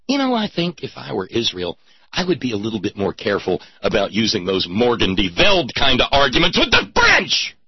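A man's voice: mid-range voice, huge pitch swings, brisk, breathy edge, no echo, muffled recording. A man delivering a sarcastic, mocking commentary monologue with theatrical emphasis.

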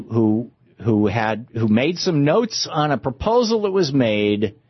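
A man's voice: mid-range voice, slightly rough, no echo, highs cut off. A man hosting a political talk show, ranting with sarcastic indignation. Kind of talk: political commentary rant.

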